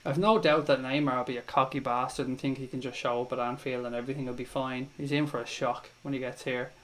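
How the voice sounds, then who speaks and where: A man's voice: mid-range voice, fairly even intonation, fast, a bit bright, slight background noise, poor audio. An Irish man hosting a live fan stream, chatting casually with viewers, calling them mate and swearing freely. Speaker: livestream host. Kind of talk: casual live chat reading viewer comments.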